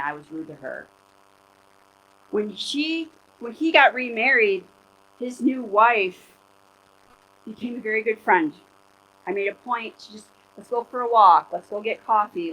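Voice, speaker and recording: A woman's voice: mid-range voice, a bit bright, rough recording. A woman pastor in her forties giving a candid, conversational sermon, full of "like" and "you know". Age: 40s.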